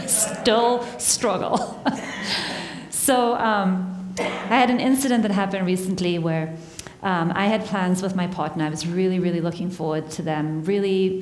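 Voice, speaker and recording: A woman's voice: on the low side, darkish tone. A woman giving a conversational talk to a live audience, engaging them with questions and laughing at herself. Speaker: workshop speaker. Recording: echoey hall with long reverb.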